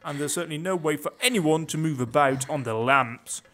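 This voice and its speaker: A gameplay commentator with a fairly high, slightly bright voice talks briskly through a casual let's play. He's chatty and sarcastic, muttering to himself as he plays.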